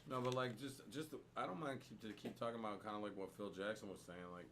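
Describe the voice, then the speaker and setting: A man's voice: lowish voice, fairly even intonation, fast, background noise. A man co-hosting a casual podcast chat, rambling with lots of fillers and restarts. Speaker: podcast co-host. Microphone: studio microphone.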